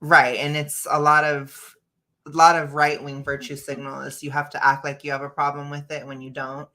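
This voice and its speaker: Woman, stream host, low voice, bright forceful tone, blunt opinionated chat, video call. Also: level tone, moderate pace. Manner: blunt, opinionated, laughs often. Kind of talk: casual reaction commentary.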